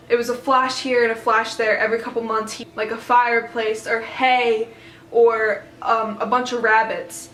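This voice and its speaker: A woman retelling a book in a casual, excited, rambling way, full of fillers. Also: fairly high pitch, moderate pace, roomy sound, a little hiss or hum, rough recording. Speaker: book vlogger.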